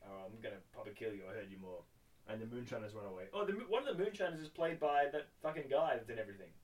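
A man's voice: mid-range voice, expressive, racing, a little mellow. A young man co-hosting a casual film review podcast, rambling and laughing often, swearing casually. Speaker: podcast co-host.

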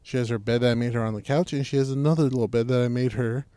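A man's voice: mid-range voice, fairly even intonation, rapid-fire, dark tone, clear, resonant tone. A man co-hosting a casual podcast, talking crudely and joking around with his friend. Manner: profane, joking, mock voices. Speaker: podcast co-host.

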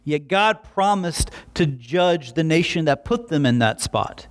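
A man preaching a Bible-teaching sermon in an animated way, acting out quick voices for emphasis. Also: fairly high pitch.

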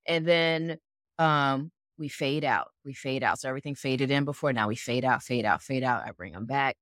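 A woman with a notably low voice explains how she trains athletes' minds. She is animated and plays out each scenario step by step. The sound is dry and close. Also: moderate pace, no echo. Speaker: mental performance coach. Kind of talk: explanatory interview answers.

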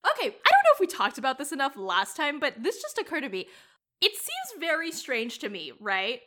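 Rambling young woman, bright higher voice. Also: wildly swooping pitch, a little fast. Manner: rambling, filler-heavy. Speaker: podcast co-host. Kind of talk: casual movie-review chat.

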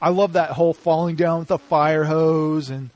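A man with a fairly high voice chats casually about a favorite movie. He laughs a lot, gushes over scenes and slips into impressions of the dialogue. It is relaxed podcast banter. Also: moderate pace, dull audio, soft background music. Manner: enthusiastic, laughing, acts out film lines. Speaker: podcast host.

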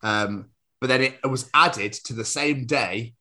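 Here a male podcast co-host tells rambling, funny stories in casual conversation, frequently laughing and putting on silly voices. He speaks at a measured pace in a mid-range voice with a bright, forceful tone.

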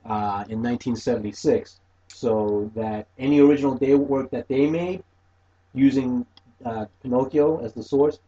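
Wry mid-pitched man, dull lo-fi sound. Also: moderate pace, mellow. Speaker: podcast co-host. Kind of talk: casual film review chat.

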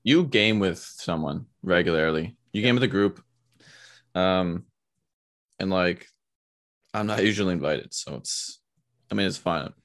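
Young male podcast co-host, low-ish voice, jokey, laughs a lot. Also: measured pace, long pauses. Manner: laughing, joking, mocking squeaky voices. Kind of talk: casual chat.

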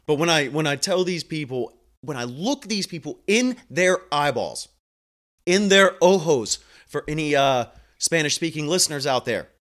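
A man's voice: a little high, fairly bright tone. A man telling a story about his patients in a blunt, emphatic, casual monologue. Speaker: home health clinician.

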